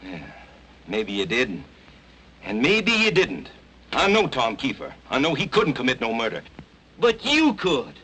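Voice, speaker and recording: A bright, insistent young Southern man. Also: medium pitch, wildly swooping pitch, measured pace, long pauses, slight background noise, exaggerated voice, rough recording. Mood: pressing. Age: young adult. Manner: pressing, insistent. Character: determined young swamp-country man, stubborn. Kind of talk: 1940s film acting.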